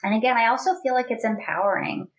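A quick-paced woman with a slightly high voice, a family educator in her forties, is interviewed in a conversational style. Her manner is earnest and animated, full of "you know" fillers, on a low-quality recording.

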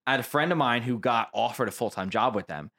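A man co-hosting a casual podcast, talking in a relaxed, affirming way and adding "right?" often. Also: mid-range voice, fast talker. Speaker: podcast co-host.

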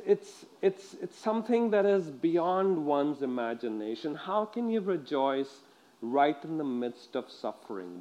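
Preaching to a congregation, this man's voice sits on the high side. His delivery is lively and repetitive, full of questions to the listeners and stumbles over repeated words.

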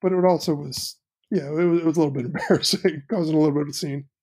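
A middle-aged man co-hosting a casual chat, telling stories about his kids and quoting them with lively voices. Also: a little high, very fast, breathy edge. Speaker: podcast co-host.

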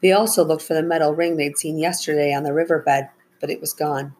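A woman reading a children's adventure story aloud as narrator, with a husky voice. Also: fairly even intonation, fairly quick, rough recording. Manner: raises her pitch for the children's lines, soft and low on tags.

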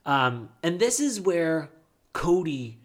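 A man co-hosting a podcast, recapping a TV show in casual chat, sarcastic and quick to swear. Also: on the high side. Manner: sarcastic, profane, animated retelling. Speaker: podcast co-host.

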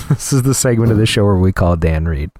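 A man's voice: deep voice, animated, fairly quick, heavy background noise. A man co-hosting a podcast in casual chat, laughing often and joking around. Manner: laughs often, runs the soundboard jokes. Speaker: podcast co-host.

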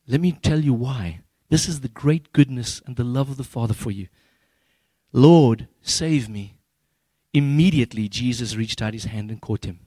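A man preaching a sermon as pastor, retelling scripture in a relaxed, humorous way with slangy paraphrases. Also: mid-range voice, fairly quick, hardly any pauses, husky, no room sound.

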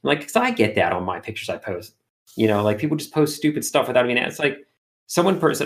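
A man, an art streamer, chatting in an interview and telling animated stories full of fillers. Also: mid-range voice, fast. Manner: animated storyteller, many fillers. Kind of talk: casual interview chat.

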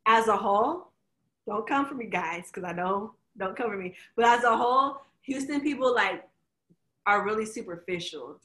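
A woman talks in casual group chat, quick and animated. Her voice is bright and forceful. The room around her is echoey. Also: medium pitch. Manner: animated, laughs often, speeds up when making a point.

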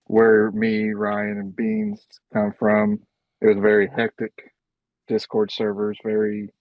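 A man's voice: on the low side, no room sound. A man from Oklahoma, a podcast guest, rambling in casual chat and groping for words. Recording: muffled lo-fi sound.

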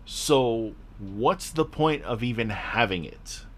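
A man's voice: medium pitch, animated, slow pace. Give me a man with a sore throat hosting a podcast, ranting and swearing, over faint background hiss. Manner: frustrated, profane, rambling with restarts. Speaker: podcast host.

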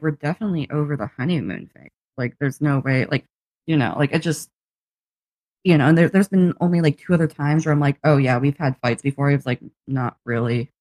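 A low-voiced woman, recorded without echo, co-hosts a podcast and tells a personal story in easygoing chat. She's a lively storyteller who performs both sides of each conversation, laughs often, and drops casual swears.

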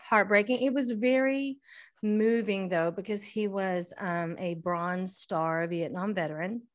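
A middle-aged woman, a podcast co-host in casual chat, telling an animated story, swearing freely and restarting often. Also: medium pitch, a little slow.

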